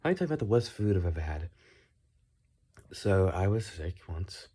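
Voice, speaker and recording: A man musing aloud in a put-on British accent, calm and inquisitive, talking with a dry mouth in a rambling solo monologue. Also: sits low, moderate pace, breathy edge. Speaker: video creator.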